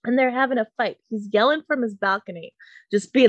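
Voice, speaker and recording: A young woman from Canada spins a comedic story in a fairly high voice, animated and laughing often, with plenty of swearing. The sound is close and dry, with no room echo. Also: fairly quick, lo-fi sound.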